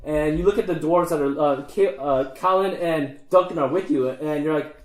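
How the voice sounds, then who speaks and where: A man narrating as game master of a tabletop game, halting and full of fillers and restarts. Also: a little high, darkish tone. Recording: echoey room.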